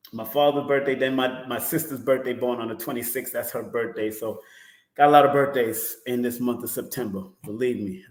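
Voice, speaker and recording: A man's voice: mid-range voice, echoey room. A man hosting a live-stream numerology Q and A, chatty, laughing often and repeating his phrases. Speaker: numerology host.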